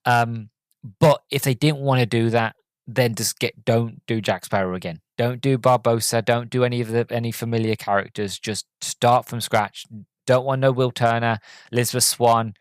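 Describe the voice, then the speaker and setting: A man's voice: mid-range voice, steady tone, moderate pace, clean tone, no echo, studio quality. A man hosting a podcast, giving a casual spoken film review. He rambles with many fillers and restarts, and he sounds deflated and let down.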